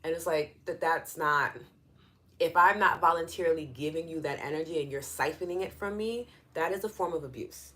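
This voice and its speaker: A woman with a New York accent leads a live online session, her voice sitting notably low. She explains in an earnest, conversational way and responds to her viewers' comments as she goes. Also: fairly quick, a bit bright. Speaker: EFT session host.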